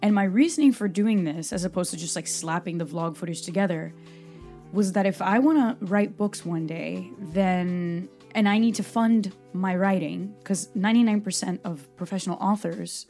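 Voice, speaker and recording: A woman's voice: medium pitch, normal speed, warm tone, faint music behind. A woman from Brazil hosting a solo Q&A podcast, talking passionately and emphatically. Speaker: podcast host.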